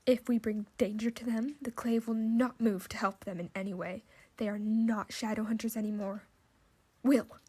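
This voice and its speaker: A steady, gentle young man, read by a woman narrating an audiobook, who speaks low and earnest, urging his friend. The voice is fairly high and even in pitch. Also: normal speed, husky. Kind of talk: audiobook character reading.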